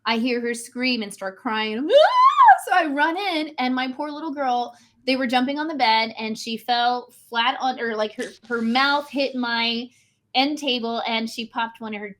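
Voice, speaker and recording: A woman in her thirties, a podcast guest on a video call, chatting in an excited, bubbly way as she tells stories. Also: a little high, normal speed. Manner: bubbly, excited storytelling with frequent laughs. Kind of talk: casual chat.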